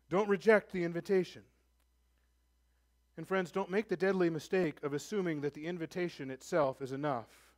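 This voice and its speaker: A man preaching a sermon as pastor, earnest and pleading, building to emphatic points and then dropping low and soft. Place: church.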